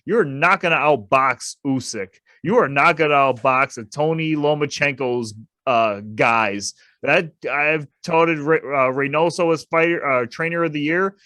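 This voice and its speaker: A man's voice: fairly high pitch, a little slow, sharp tone, dry recording. A man co-hosting a casual boxing podcast, opinionated and emphatic, repeating his points to drive them home. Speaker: podcast co-host.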